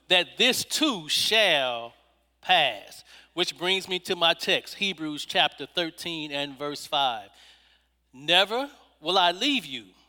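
A man's voice: fairly high pitch, pushed and bright, long reverb tail. A man preaching a sermon in a rhythmic, repetitive cadence from a church.

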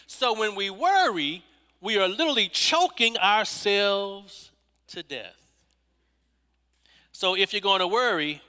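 Male preacher, high bright tone, repetitive rhythmic delivery, long hall reverb. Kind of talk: sermon.

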